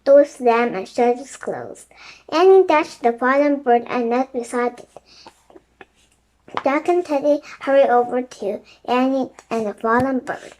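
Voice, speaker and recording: A woman narrating a children's chapter book in a steady, clear storytelling voice. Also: high voice, unhurried, slight background noise.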